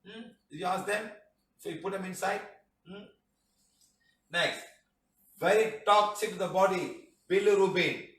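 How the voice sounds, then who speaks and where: A man's voice: sits high, unhurried, long pauses, a bit bright. A man with teaching a healing class, chiding and joking as he keeps asking "huh?". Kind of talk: lecture. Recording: echoey room, mic far off.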